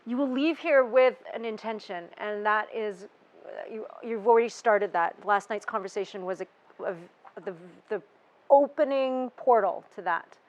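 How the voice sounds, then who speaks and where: A woman's voice: mid-range voice, normal speed, poor audio. A woman teaching a yoga teacher-training group in an informal workshop talk, chatty, with many restarts and asides. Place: retreat workshop room.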